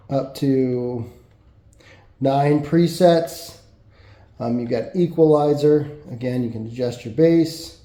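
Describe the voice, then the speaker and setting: A man giving a relaxed, matter-of-fact hands-on walkthrough of a product he is reviewing. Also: medium pitch, slow pace, faint music behind. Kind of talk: casual hands-on product demo. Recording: roomy echo, faint background noise.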